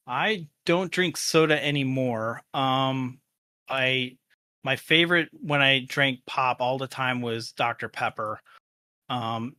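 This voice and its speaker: A man from the Midwest talks as a podcast guest and rambles through his answers with plenty of fillers. His voice is bright with a sharp edge. The recording is dry and close. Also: mid-range voice, no room sound. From American Midwest. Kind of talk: casual interview chat.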